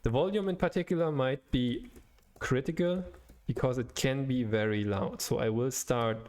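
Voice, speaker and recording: A young adult man live-coding on a stream, talking his way through the code in a hesitant, self-correcting way, pausing to search for words. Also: medium pitch, a little mellow. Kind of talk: thinking aloud while programming on a livestream.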